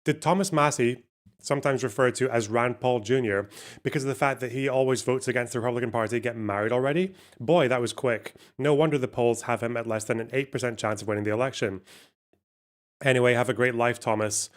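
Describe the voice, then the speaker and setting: A man's voice: medium pitch, brisk. A man hosting a casual livestream, reading donations and reacting with sarcasm and swearing. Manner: sweary, sarcastic, laughs often. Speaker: livestream host.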